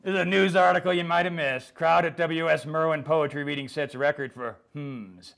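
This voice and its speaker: Poet guy reading funny poems live, deadpan, kinda gravelly, slightly high voice. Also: moderate pace. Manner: deadpan comic delivery, rhythmic. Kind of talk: live humorous poetry reading.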